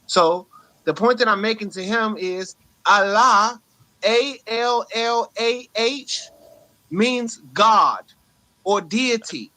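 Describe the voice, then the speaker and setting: A man argues his point with dogged insistence, circling back to check that listeners follow him. His voice is high and cutting, with a hard, bright edge. The sound is dry and close, as if he is speaking right into a phone. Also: slow, dry recording, low-quality recording. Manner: insistent, repeatedly asks "right?". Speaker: Christian debater. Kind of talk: heated online debate. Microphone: phone mic on audio chat app.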